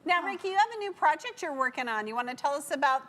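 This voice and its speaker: A woman with a high voice hosts a casual interview. She reacts with gushing enthusiasm and keeps the chat moving. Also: expressive, quick pace, fairly bright tone. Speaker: host.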